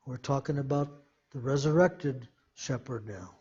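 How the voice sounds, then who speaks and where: A male preacher delivers a sermon at an unhurried pace, leaning hard on each line of scripture before he explains it. His voice is mellow and slightly husky. The recording sounds muffled and lo-fi. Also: medium pitch. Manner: slow, emphatic reading of scripture with commentary.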